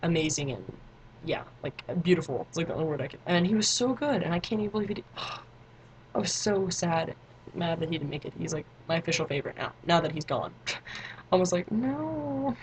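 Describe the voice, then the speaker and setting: A woman's voice: low voice, lively intonation, a little fast, slight background noise, rough recording. A teenage girl vlogging in a rambling, chatty way, full of fillers and side notes. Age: teens. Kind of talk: casual chat to camera.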